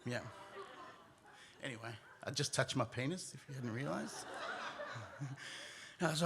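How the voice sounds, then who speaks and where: A man telling a personal story live on stage, animated, acting out his own panicked reactions. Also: a little high, moderate pace, pauses often, slight background noise. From Australia.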